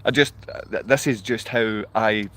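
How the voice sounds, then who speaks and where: A man's voice: fairly low pitch, unhurried, fairly bright tone. A middle-aged man with a Glaswegian accent, hosting a rambling, emotional livestream monologue and often laughing. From Scotland. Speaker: livestream host. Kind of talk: rambling live-stream monologue.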